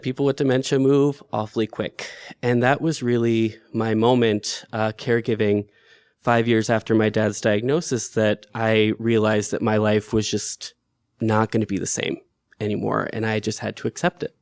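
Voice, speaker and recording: Man, middle pitch, dry close sound, earnest personal storyteller whose voice jumps up when upset. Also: steady tone, moderate pace, clean tone, dry recording. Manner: earnest and emotional, voice lifts sharply when upset.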